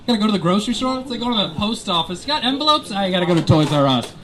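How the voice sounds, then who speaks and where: A male stand-up comedian doing self-mocking, deadpan bits for commuters on an airport tram. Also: high voice, quick pace, poor audio. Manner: self-mocking, wraps up the show again and again.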